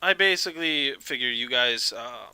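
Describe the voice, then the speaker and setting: A man narrating a tabletop game as game master, relaxed, with many fillers and laughs. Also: medium pitch, normal speed, clear, resonant tone, no room sound, poor audio. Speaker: dungeon master.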